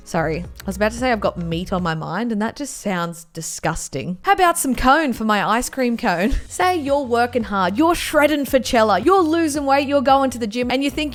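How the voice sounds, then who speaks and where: A woman's voice: a little high, expressive, brisk, hardly any pauses. A young woman doing comic reaction commentary with playful, exaggerated outbursts and jokey asides. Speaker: YouTuber reacting to pictures.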